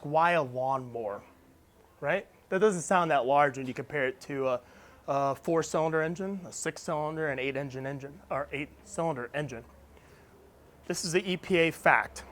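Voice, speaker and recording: A man with a fairly high voice tells his startup story to a live audience. He is animated, laughs often and acts out what others said. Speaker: startup founder speaker. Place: event venue with audience.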